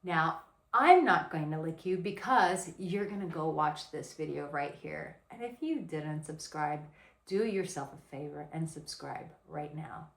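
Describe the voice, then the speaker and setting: Blunt, animated woman dating coach. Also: low-pitched, a little slow, creaky. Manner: blunt, animated, swears casually. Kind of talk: casual advice to camera. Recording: roomy echo.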